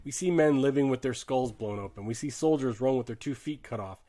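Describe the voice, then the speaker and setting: A man giving a dramatic audiobook narration of a war novel, earnest and shifting his loudness sharply with the drama. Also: mid-range voice, brisk. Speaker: audiobook reader.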